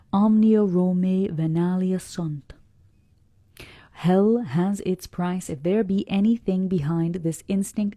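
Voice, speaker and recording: Low, mellow woman reading aloud. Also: dry recording. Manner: reads steadily, stumbling now and then on words and names; drops into soft whispered asides. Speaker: book club livestream host. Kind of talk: live read-aloud of a classic novel with chatty asides.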